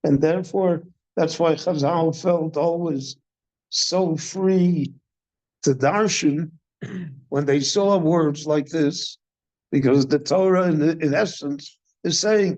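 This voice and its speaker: An older man, a rabbi, giving a slow, deliberate Torah class in a synagogue, posing questions and then answering them. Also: on the high side, a little mellow, lo-fi sound. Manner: measured teaching, poses questions and answers them.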